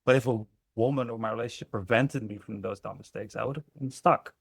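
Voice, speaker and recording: A man's voice: medium pitch, quick pace, creaky, breathy edge, no echo, studio quality. A man working as a relationship coach, talking bluntly and emphatically with frequent swearing in an interview. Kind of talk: candid interview conversation.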